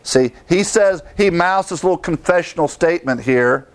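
A man's voice: fairly high pitch, expressive, normal speed, no echo. A man preaching a sermon as pastor, in a conversational way, acting out the lines of the people he quotes.

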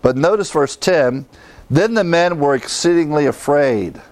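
A man's voice: fairly high pitch, animated, unhurried, a little mellow, no echo. A man preaching a sermon as pastor, in a conversational way, acting out the lines of the people he quotes.

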